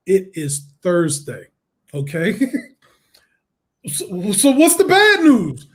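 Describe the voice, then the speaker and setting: A man, a guest on an interview show, telling his story in a lively way, acting out the voices and laughing often. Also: high-pitched, takes it slowly, long pauses. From Detroit, USA.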